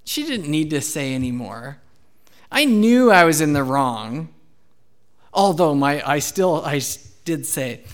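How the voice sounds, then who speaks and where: A man's voice: fairly high pitch, expressive, unhurried. Storytelling man preaching a sermon. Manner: candid storytelling, acts out his own outbursts loudly. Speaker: pastor.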